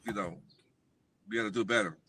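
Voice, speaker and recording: A man's voice: fairly low pitch, brisk, pushed and bright, husky, no room sound. A man talking as a guest on a livestream talk show, speaking emphatically and insistently.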